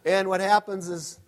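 Middle-aged pastor guy preaching, kinda high voice, jokey and chatty with the crowd. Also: vocal fry, a little hiss or hum. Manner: conversational, humorous, with frequent "all right?" asides. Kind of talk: sermon.

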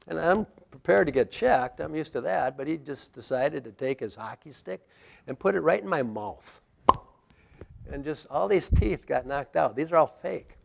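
A middle-aged man preaching a sermon, telling a story with lively swings between loud bursts and quiet asides. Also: fairly high pitch, gravelly. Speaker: pastor.

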